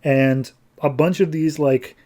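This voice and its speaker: A man's voice: fairly high pitch, fairly even intonation, takes it slowly, darkish tone. A man hosting a podcast, recapping a comic book in a chatty, loose way with lots of fillers. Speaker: podcast host. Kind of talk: casual comic book review.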